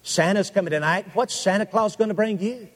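A kind rich businessman speaks gently and fatherly, stumbling into soft repeats, as a man acts him out. His high voice carries the long echo of a big hall. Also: a little fast. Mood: gentle.

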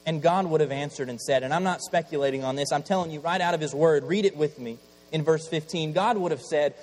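A man's voice: mid-range voice, brisk. Impassioned preacher man with a cold. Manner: swings from loud impassioned pleading to hushed near-whisper. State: battling a cold. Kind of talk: sermon. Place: church. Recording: long hall reverb, faint mains hum.

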